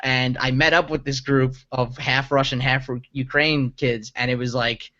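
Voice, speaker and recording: A man's voice: mid-range voice, flat delivery, moderate pace, pushed and bright, muffled recording. A man co-hosting a podcast in casual chat, telling a rambling story full of restarts. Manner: rambling, self-interrupting storyteller. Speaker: podcast co-host.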